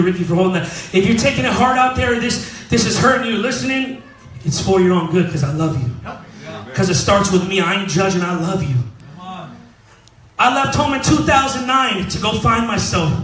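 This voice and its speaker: High-pitched thirtysomething pastor from california joking with his church, sounds a bit far off in a big echoey room. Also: expressive, a little fast, a bit bright. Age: 30s. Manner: casual storytelling, jokes with the congregation. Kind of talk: sermon. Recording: roomy hall mic from a distance.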